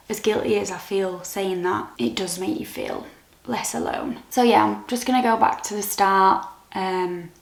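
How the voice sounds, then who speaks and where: A young British woman vlogger telling a personal story to camera in a soft, candid, halting way that turns emotional. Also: medium pitch, vocal fry. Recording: echoey room.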